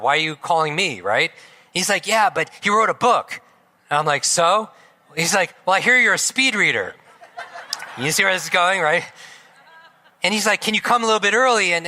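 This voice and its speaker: A man in middle age delivers a live talk in an event hall, his voice strikingly bright and a touch high. He works the audience energetically, throwing out questions and checking in with them as he goes. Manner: energetic, asks the audience questions, tags lines with "right?". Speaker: motivational speaker.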